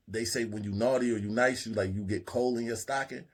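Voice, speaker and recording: A man telling a story in a laid-back, slangy way with quiet asides. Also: lowish voice, steady tone, brisk, few pauses, breathy edge. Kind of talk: casual storytelling.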